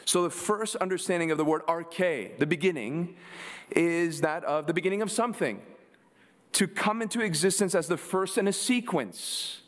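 A man preaching a sermon, asking his congregation rhetorical questions and answering them with emphasis. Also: on the high side. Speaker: pastor.

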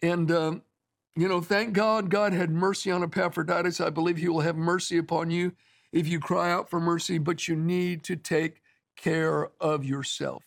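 High-pitched guy preaching, gravelly, chatty storytelling sermon. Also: fairly even intonation, normal speed. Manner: conversational storytelling with asides and acted quotes.

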